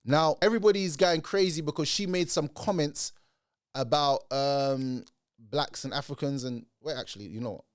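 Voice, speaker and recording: A man ranting in reaction commentary, animated and mocking. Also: fairly high pitch, normal speed, clean tone, no room sound, studio quality. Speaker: commentary channel host.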